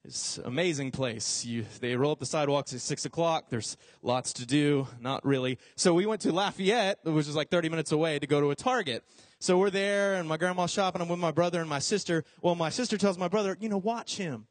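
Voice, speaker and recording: A young man preaching a casual, storytelling sermon, animated and jokey, acting out voices as he tells it. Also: on the high side, brisk, no echo.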